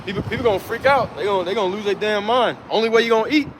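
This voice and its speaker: A man preaching outdoors, talking with emphatic slang and reading scripture verses slowly. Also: high-pitched. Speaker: street preacher. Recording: heavy wind and traffic noise.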